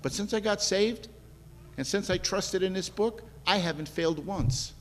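High-voiced preacher in a reverberant hall. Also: male voice, expressive, normal speed. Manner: earnest, conversational preaching with repetitions. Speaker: pastor. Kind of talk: sermon.

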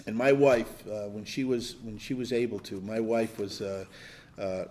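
In a lowish, darkish voice with fairly even intonation, an older man teaches the Bible conversationally at a normal pace. His stories ramble, punctuated by chuckles and many restarts.

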